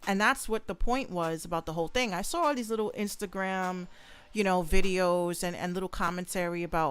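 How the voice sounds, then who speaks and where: A woman's voice: mid-range voice, expressive, moderate pace, smooth. Blunt, profane woman podcaster in her bedroom. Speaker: podcast host and rapper. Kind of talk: casual solo podcast rant.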